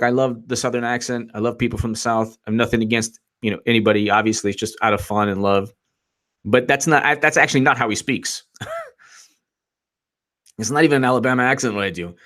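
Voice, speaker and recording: A man's voice: medium pitch, fairly bright tone. Rambling sarcastic male commentator. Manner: rambling, sarcastic, stumbling restarts; laughs at own jokes, mocking impressions. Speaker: political commentary host. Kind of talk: casual livestream commentary.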